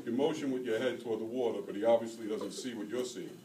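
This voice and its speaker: A man reading aloud from his own second-person memoir novel at a graduate reading, in a steady, measured way. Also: mid-range voice, slight background noise. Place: reading event hall. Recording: roomy hall, taken from far off.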